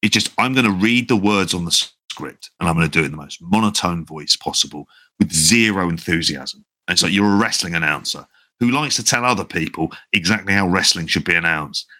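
A man's voice: low voice, fairly quick, pushed and bright. A man co-hosting a casual podcast chat, blunt and exasperated, with salty language. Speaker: podcast co-host.

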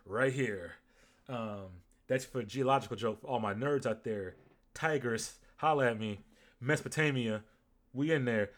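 A man's voice: medium pitch, lively intonation, moderate pace. A man co-hosting a podcast in casual chat, rambling and joking with lots of fillers. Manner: rambling, jokey, with many fillers. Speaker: podcast co-host. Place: lives in Dallas.

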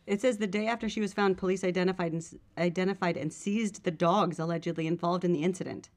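A woman co-hosting a casual chat podcast, telling stories in an animated, quick way. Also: fairly low pitch. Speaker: podcast co-host.

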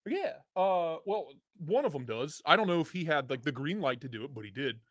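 A man chatting as a podcast guest, loud and joking with playful banter. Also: a little high, big pitch swings, a little fast, dry recording, clean studio sound. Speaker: guest, knife content creator. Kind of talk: casual podcast chat.

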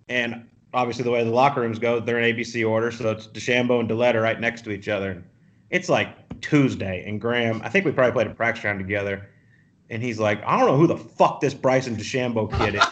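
Man, podcast guest, casual profane storytelling, mid pitch, laughs a lot. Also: fairly quick, muffled recording. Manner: animated, profane anecdotes, laughs often. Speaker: guest pro golfer.

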